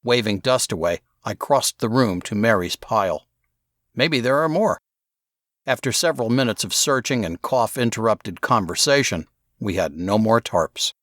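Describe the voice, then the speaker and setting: A man narrating a novel in first person, in a measured storytelling manner on a close studio mic. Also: on the low side, expressive, fairly bright tone, dry recording. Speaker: audiobook narrator.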